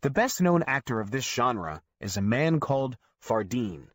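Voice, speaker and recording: A man reads a memoir aloud, his pitch rising and falling in an animated storytelling way. The sound is dry and close-miked, with no room around it. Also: a little slow, no room sound. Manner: lively, storytelling. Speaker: audiobook narrator. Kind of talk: scripted narration.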